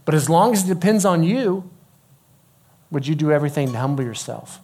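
Conversational preacher, a slightly high male voice. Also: lively intonation, brisk, slightly rough. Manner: conversational, emphatic, drops to a hush for quoted dialogue. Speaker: pastor. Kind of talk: sermon.

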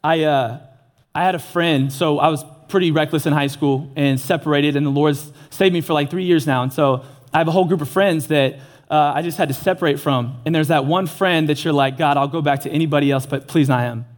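High-voiced young man preaching casually. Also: brisk. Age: young adult. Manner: casual, earnest, animated preaching with slang. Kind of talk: sermon.

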